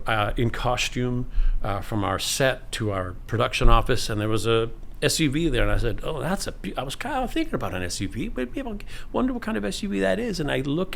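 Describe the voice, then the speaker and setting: A middle-aged man, a podcast guest, tells self-deprecating stories and slips into other people's voices as he goes. His voice sits at an average pitch with a gravelly edge. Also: a little hiss or hum. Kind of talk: telling anecdotes.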